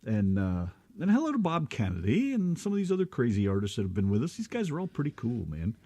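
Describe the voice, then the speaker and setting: Husky, joking American radio co-host. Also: male voice, mid-range voice, huge pitch swings, fast talker, warm tone. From United States. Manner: joking, rambling, loose. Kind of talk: casual radio banter.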